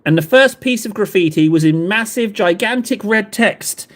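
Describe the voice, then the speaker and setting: A man's voice: high-pitched, animated, moderate pace, fairly bright tone. A man, chatting casually with live viewers in a rambling, self-deprecating way. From England. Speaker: livestream host.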